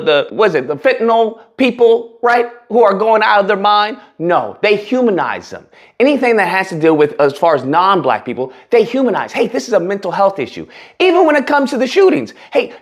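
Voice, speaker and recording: A man hosting a casual reaction commentary, talking in an animated, mocking way and breaking into laughter. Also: high voice. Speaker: commentary channel host.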